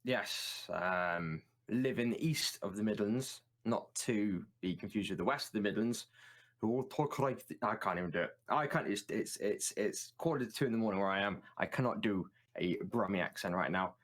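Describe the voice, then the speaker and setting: A man, a guest chatting in a relaxed, self-mocking way over a remote call, often repeating his words. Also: lowish voice, moderate pace. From southern England. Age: 30s. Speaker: guest streamer. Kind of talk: casual chat on a live stream.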